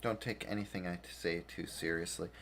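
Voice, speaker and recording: A tired man streams a game, chatting casually and laughing often as he rambles and pokes fun at himself. His low voice is fairly bright and steady, and he talks a little fast.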